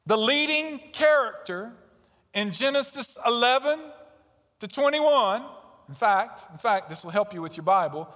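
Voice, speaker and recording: Fiftyish pastor guy preaching, pretty high voice, echo trailing off in a big church. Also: lively intonation, unhurried, a bit bright. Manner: emphatic, repeats key phrases for stress. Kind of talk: expository sermon.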